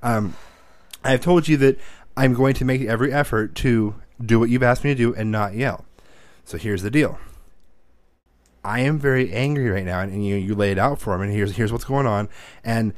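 Profane joking dad, close and dry. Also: male voice, medium pitch, moderate pace, no room sound. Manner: profane, joking, animated storytelling. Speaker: podcast co-host, parent. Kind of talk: casual chat.

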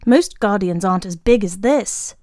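A woman's voice: medium pitch, normal speed, warm tone, dry recording, studio quality, natural voice. A woman voicing a haughty Rug creature. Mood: commanding. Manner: commanding, raised voice. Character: sinister male Rug creature, demanding and haughty.

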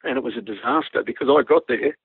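An Australian man, a former Army pilot, telling stories in an interview, relaxed and self-deprecating, laughing as he goes. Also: medium pitch, quick pace, slightly rough, dry recording. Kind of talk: anecdotal interview storytelling. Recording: dry, phone-like lo-fi line.

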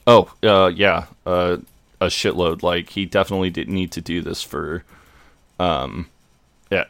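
A man's voice: low-pitched, unhurried, gravelly, fairly bright tone, smooth, no room sound. A man co-hosting a podcast, casually recapping a TV episode scene by scene and swearing freely. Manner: loose and profane, retelling scenes line by line. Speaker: podcast co-host.

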